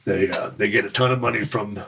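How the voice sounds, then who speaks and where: A man from Utah, a podcast guest, telling his stories in a frank, rambling, casual way with a gravelly, raspy voice. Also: on the low side, brisk, background noise. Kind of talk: casual storytelling.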